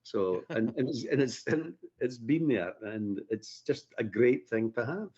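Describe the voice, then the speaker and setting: A Scottish man chats as a radio guest, easygoing and self-deprecating, pausing on fillers as he spins stories. His voice sits mid-range, and the sound is slightly dull. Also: medium pitch, expressive, a little mellow, breathy edge. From Scotland. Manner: chatty, self-deprecating storyteller with many fillers. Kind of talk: radio interview.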